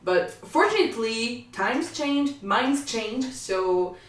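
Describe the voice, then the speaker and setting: A woman from Canada co-hosting an anime reaction, speaking in a relaxed, agreeable way. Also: on the high side, slow. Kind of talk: casual chat reacting to an anime. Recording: echoey room, mic far off.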